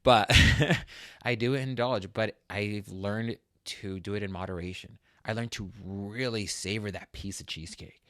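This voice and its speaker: Unhurried and steady-toned, with a lowish voice, this fitness talk show host tells his story earnestly and personally until he gets loud and emotional recalling a struggle. The recording is dry and studio quality.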